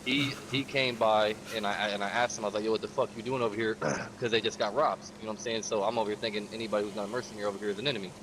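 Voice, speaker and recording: A man's voice: on the low side, fairly even intonation, rapid-fire, hardly any pauses, noisy background. A man casually recounting a game session, profane and streetwise, acting out the quotes of other players. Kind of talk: casual storytelling.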